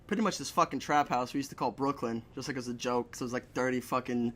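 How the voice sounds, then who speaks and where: A man's voice: mid-range voice, quick pace, fairly bright tone. A young man telling a story in a casual chat, swearing a lot and laughing between lines. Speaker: podcast guest.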